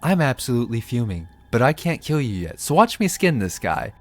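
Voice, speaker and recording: A man's voice: mid-range voice, very animated, a little fast, faint music behind. A man voicing a sulking, vengeful male demigod warlord who talks in a bitter, menacing way, in a comedic video rant. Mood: seething.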